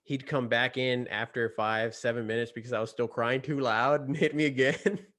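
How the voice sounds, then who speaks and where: A man's voice: medium pitch, fairly even intonation, moderate pace, fairly bright tone. Earnest man hosting a podcast. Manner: reflective, earnest, frequent restarts. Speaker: podcast host. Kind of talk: candid conversational storytelling.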